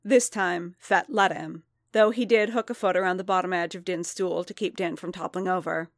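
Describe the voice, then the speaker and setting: A woman reading a story aloud in a steady, even narration. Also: lowish voice, moderate pace, dry recording, studio quality. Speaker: reader. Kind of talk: audiobook-style story reading.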